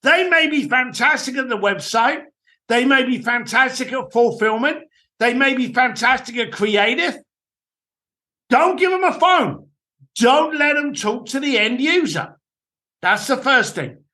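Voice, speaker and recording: A man, a guest on a podcast, giving blunt, animated business advice with casual swearing. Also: extremely high pitch, a little slow. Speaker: guest, entrepreneur and author. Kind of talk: podcast interview, storytelling advice.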